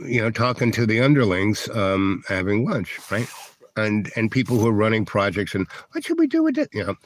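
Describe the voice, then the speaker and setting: Man telling a rambling story, low voice. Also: dry recording. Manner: rambling, full of fillers and restarts; acts out other people's lines in raised voices. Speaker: vlogger. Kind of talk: casual storytelling monologue to viewers.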